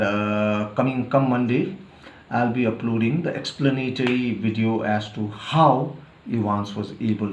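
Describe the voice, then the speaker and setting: A man with an Indian English accent, a teacher explaining a story chapter to students and checking in with them as he goes. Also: mid-range voice. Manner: explanatory, checks in with "all right?". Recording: roomy, dull lo-fi sound.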